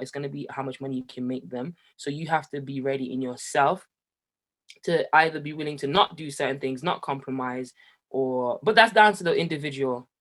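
A young man from Jamaica, telling his personal story as an interview guest, animated and laughing often. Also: mid-range voice. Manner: animated, laughs often, voice rises when excited. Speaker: guest, musician.

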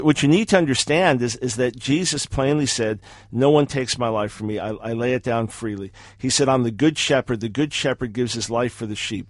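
A man answering in a debate, measured and explanatory. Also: medium pitch, dry recording. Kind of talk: debate rebuttal.

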